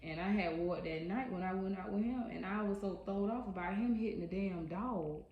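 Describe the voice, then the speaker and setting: A woman's voice: mid-range voice, fairly quick. A young woman telling a personal story in a casual, chatty vlog, speaking directly to her viewers and reacting expressively as she goes. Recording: dull echoey room recording, faint hiss.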